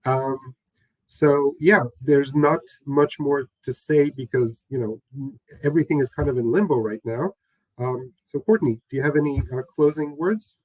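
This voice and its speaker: Male webinar host, mid-pitched, dry close sound, loose conversational delivery with fillers. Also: normal speed, darkish tone, no echo, rough recording. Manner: conversational, hesitant with many fillers. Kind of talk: casual webinar talk.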